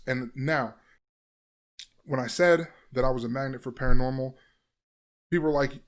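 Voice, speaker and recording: A young man casually telling a personal scare story, profane and animated, with loud bursts and hushed asides. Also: medium pitch, normal speed.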